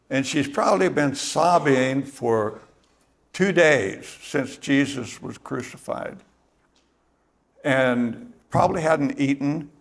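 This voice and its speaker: A middle-aged man preaching a sermon, retelling the story slowly and thoughtfully, with many pauses and fillers. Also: mid-range voice, vocal fry. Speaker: pastor.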